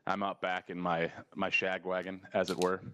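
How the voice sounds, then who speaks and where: A man's voice: low-pitched, normal speed, slight background noise. A man telling a story in casual podcast chat. He laughs often and acts out the people he quotes. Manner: animated, mimics people he quotes.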